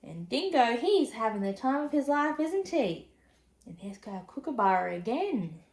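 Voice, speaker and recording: A woman reading a children's picture book aloud, with expressive, chatty asides to young listeners. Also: on the high side, moderate pace, reverberant. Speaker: storybook reader.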